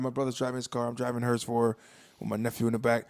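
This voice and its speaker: A man's voice: medium pitch, racing. A young man cohosting a podcast, telling a long profane story with laughter and acted-out quotes. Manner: animated, profane, laughs through his story; swings loud and soft acting out quotes. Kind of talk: casual storytelling chat.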